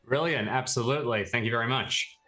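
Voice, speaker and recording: A man's voice: mid-range voice, brisk, sharp tone, faint music behind. A man, the game master, chatting casually and tripping over his words as he opens a tabletop game. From Australia. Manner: chatty, laughs easily, trips over words.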